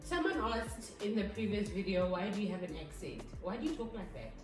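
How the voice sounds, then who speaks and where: A woman chats casually on her vlog, teasing and quick to laugh. She sounds distant in an echoey room, with soft music behind her voice. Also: mid-range voice, very animated. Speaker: vlog host. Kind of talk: casual chat.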